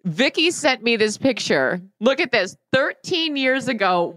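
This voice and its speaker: A woman's voice: fairly high pitch, sing-song, measured pace, fairly bright tone, no room sound, clean studio sound. Chatty woman podcast co-host. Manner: chatty, swearing, laughing storyteller. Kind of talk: casual chat.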